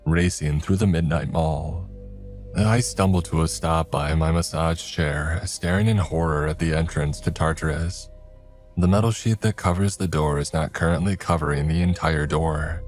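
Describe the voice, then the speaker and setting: A man telling a scripted first-person horror story, grave and steady, with stern lines of dialogue. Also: rumbling low, moderate pace, faint music behind.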